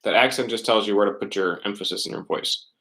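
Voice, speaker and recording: A man teaching a middle school class over a webcam, patient, repeating words slowly and checking in with "right?" and "okay?". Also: fairly low pitch, bright, forceful tone, rough recording. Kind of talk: recorded online class lesson.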